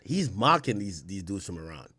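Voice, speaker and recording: A man's voice: low voice, sing-song, normal speed, bright, forceful tone, slightly rough, no echo, studio quality. A man in his thirties giving blunt, profane commentary as he reacts to news clips, laughing often.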